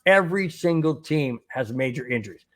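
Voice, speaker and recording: A man's voice: on the high side, animated, normal speed, a bit bright. A middle-aged man hosting a sports podcast, talking casually with many repeats and restarts while greeting viewers in the chat. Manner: rambling, repeats words, reads chat aloud. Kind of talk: casual live-stream talk.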